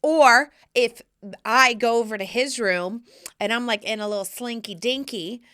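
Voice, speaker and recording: Woman podcast host, forties, playful and cheeky, bright forceful voice, casual solo chat. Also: fairly high pitch, a little slow, smooth.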